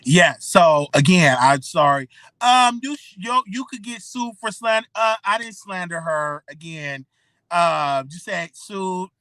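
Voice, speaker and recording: Emphatic blogger in their thirties, bright voice. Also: medium pitch, expressive, measured pace, no room sound. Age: 30s. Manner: emphatic, repeats "okay?" and "you know what I'm saying". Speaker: blogger and show host. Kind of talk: solo commentary vlog.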